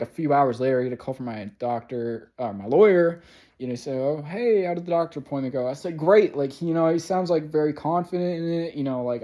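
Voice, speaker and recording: A young man talks straight into a camera in a room at home, rambling through a long, frustrated story. He swears often and leans on fillers. Now and then he breaks into loud, sarcastic outbursts. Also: a little high. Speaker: vlogger. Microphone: camera mic.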